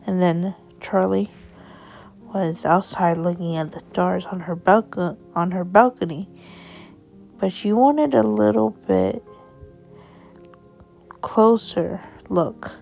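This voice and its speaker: A woman narrating a story in an unhurried, plain storytelling way. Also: fairly low pitch, gravelly, a little mellow, soft background music.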